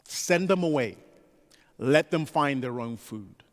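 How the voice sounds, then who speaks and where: Pastor preaching in a reverberant church. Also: male voice, slow. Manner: animated, rising to a pleading pitch when voicing the disciples. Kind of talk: sermon. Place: church sanctuary. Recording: long reverb of a large church sanctuary.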